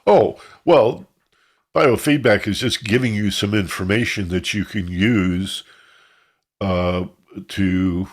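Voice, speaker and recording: A man's voice: lowish voice, slow pace. A man teaching an online class, explaining in a rambling way and imitating sounds to make his points, heard over a video call. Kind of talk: informal online class talk.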